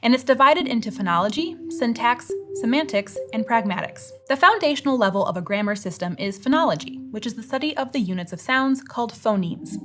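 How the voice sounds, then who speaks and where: Upbeat young woman host for a scripted lesson, voice a little high, swings lively in pitch, playful asides. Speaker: educational host. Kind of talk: scripted educational narration.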